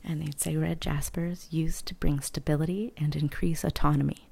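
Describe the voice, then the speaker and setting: Woman, soft-spoken ASMR host; low, mellow, gravelly, half-whispered and unhurried, close-miked. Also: fairly even intonation. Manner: whispered and hushed, slow and gentle; thinks aloud with hesitant fillers. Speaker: vlogger.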